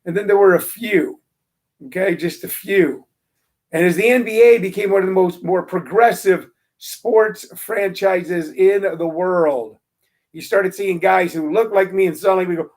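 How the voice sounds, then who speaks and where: A man hosting his own show, talking through a casual monologue in an animated, emphatic way, ranting with playful jabs. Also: high-pitched, measured pace. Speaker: show host.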